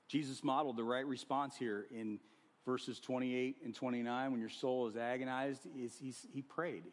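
A man preaching a sermon to a congregation, animated and conversational, acting out scenes with sudden swings in loudness. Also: medium pitch, normal speed. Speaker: pastor. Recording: long hall reverb.

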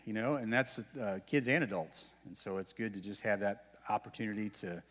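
A man's voice: on the low side, fairly quick, fairly bright tone. Folksy pastor man in an echoing church. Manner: conversational, folksy preaching with asides. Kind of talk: sermon. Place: church sanctuary. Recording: long reverb of a church hall.

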